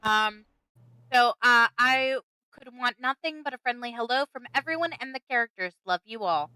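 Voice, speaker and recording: A woman's voice: fairly high pitch, animated, normal speed, sharp tone, clear, resonant tone, no room sound, low-quality recording. A woman moderating a livestream panel, chattily reading fan questions aloud with small hesitations. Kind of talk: casual livestream hosting.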